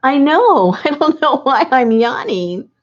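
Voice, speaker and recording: A woman's voice: high voice, big pitch swings, slow, highs cut off. A woman hosting a casual live video chat, talking with viewers in a rambling, chatty way with frequent laughs.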